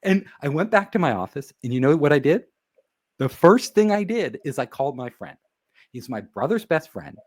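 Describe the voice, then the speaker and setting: Animated man telling a story. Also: a little high, moderate pace. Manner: animated, acts out quoted dialogue. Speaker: interview guest. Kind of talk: storytelling in a casual interview.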